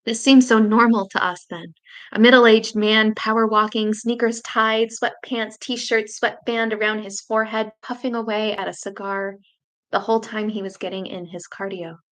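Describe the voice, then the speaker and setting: A woman poet reading her own memoir poems aloud in a slow, measured, grave way with long pauses. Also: mid-range voice, fairly bright tone.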